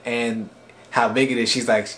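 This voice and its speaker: A man's voice: mid-range voice, level tone, a bit bright. Guy rambling thru an anime recap, lots of restarts, bit of hiss behind. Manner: rambling, halting, many restarts and fillers. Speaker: anime reviewer. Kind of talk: casual episode recap.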